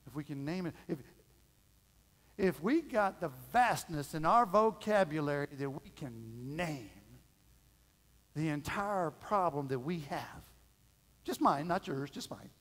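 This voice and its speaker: Middle-aged male pastor, folksy storyteller, slightly high voice, church hall reverb. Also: lively intonation, measured pace. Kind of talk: sermon. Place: church sanctuary.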